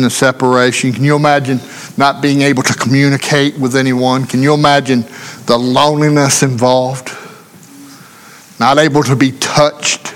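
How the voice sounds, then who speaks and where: A male preacher giving a sermon in earnest, repetitive rhetorical questions, speaking in a church. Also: on the high side. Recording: long hall reverb.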